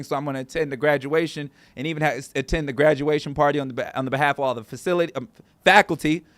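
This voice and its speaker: Male streamer host, high-pitched, loose and chatty, dry studio sound. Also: no room sound. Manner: rambling, talks straight to chat viewers. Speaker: show host. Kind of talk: casual livestream chat. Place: small studio.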